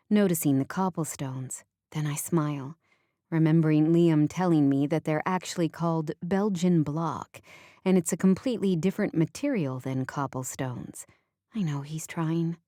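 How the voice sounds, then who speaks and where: A woman's voice: low-pitched, mellow, dry recording. A woman narrating a romance audiobook in the first person, in a wry, conversational way, on a studio microphone.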